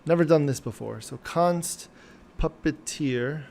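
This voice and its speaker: A man streaming live as he programs, thinking aloud and questioning himself in halting, muttered phrases. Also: on the high side, creaky, a little mellow, a little hiss or hum.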